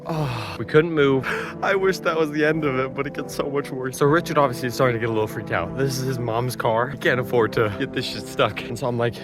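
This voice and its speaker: A man's voice: medium pitch, fast talker. Young man telling a profane comic story. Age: young adult. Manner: profane, animated, exaggerating for laughs. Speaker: vlogger. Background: clear background music.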